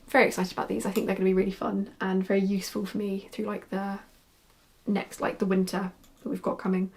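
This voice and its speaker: A young woman, chatty and rambling, talking casually about her knitting projects with frequent ums and restarts. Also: mid-range voice. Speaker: knitwear designer podcaster.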